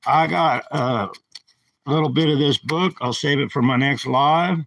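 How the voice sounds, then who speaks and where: A man's voice: fairly high pitch, measured pace, vocal fry, fairly bright tone, no echo, low-quality recording. Agitated man ranting into his phone. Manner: agitated, ranting, repeats himself. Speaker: live streamer. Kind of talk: angry livestream rant. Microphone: handheld phone.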